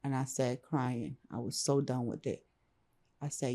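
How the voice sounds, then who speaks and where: A middle-aged woman from Brooklyn, a guest telling her own story in a candid, animated, slangy way, acting out what others said. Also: extremely low pitch, unhurried. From Brooklyn, New York. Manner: animated, acts out others' lines, slangy and informal.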